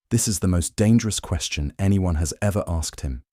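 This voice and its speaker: Man, sleep-story narrator, very deep voice, calm and soothing, dry close sound. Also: fairly quick, hardly any pauses, dry recording.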